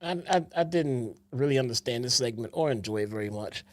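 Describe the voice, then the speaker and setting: Co-host, male, mid pitch, hesitant and casual, dry sound. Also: a little fast, no echo. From Chicago. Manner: hesitant, restarts often, relaxed. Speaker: podcast co-host. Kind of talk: casual online call chat.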